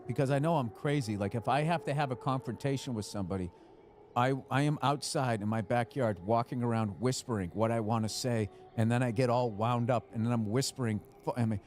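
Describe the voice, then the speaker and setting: A man's voice: medium pitch, slight background noise. A man in casual chat, telling rambling stories and swearing freely. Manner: profane, rambling, animated storytelling.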